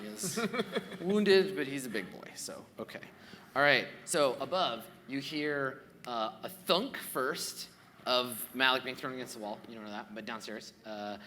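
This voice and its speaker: A man running a live improvised tabletop game as game master, narrating in a chatty, halting way on a convention stage. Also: medium pitch, bright, forceful tone, a little hiss or hum. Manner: chatty, halting, many fillers and restarts. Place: stage at a large convention hall. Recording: live hall reverb, faint crowd ambience.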